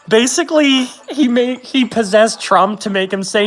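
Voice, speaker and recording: A woman's voice: fairly high pitch, normal speed, hardly any pauses. A young woman streamer chatting casually about a show, rambling and correcting herself, with frequent giggles. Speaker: game streamer. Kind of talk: casual game commentary.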